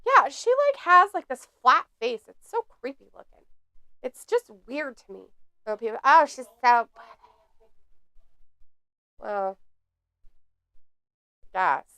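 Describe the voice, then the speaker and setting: A woman with a high, clear voice hosts a casual live watch-along, reading chat aloud with snark and sarcasm. The sound is close and dry. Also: huge pitch swings, unhurried, long pauses, pushed and bright, no echo.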